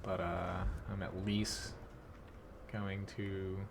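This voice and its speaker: A man with a fairly low voice talks through a live match as he plays, relaxed and thinking aloud with the odd filler and chuckle. A faint hiss sits under the recording. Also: extremely slow. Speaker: game streamer. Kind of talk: live gameplay commentary.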